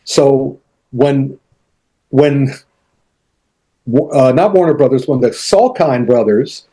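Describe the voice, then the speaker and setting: An older man telling animated anecdotes as an interview guest, acting out quotes, with frequent restarts. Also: mid-range voice, takes it slowly, husky. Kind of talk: casual storytelling interview.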